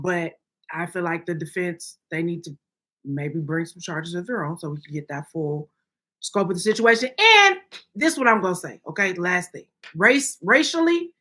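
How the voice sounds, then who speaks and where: Bright, emphatic woman co-host. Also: medium pitch. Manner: emphatic, frequent "okay?" check-ins. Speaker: podcast co-host. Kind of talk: opinionated casual chat.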